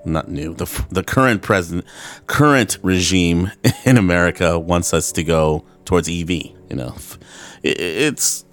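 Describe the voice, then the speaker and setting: A man with a low, slightly bright voice hosts a solo podcast at a moderate pace, rambling, swearing, and laughing often. When he quotes people he slips into acting out their voices. Faint guitar music plays in the background.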